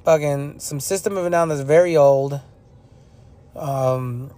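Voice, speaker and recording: A man's voice: a little high, a little slow, warm tone. A young man hosting a podcast, talking in a blunt, profane, repetitive ranting manner about music. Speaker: podcast host. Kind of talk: casual opinion monologue.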